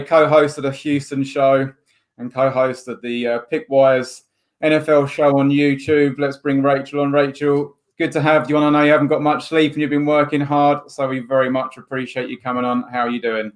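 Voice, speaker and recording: A man hosting a casual sports chat on a video call. His voice sits in an ordinary middle pitch, and he keeps the talk loose and joking. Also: level tone, moderate pace. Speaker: podcast host.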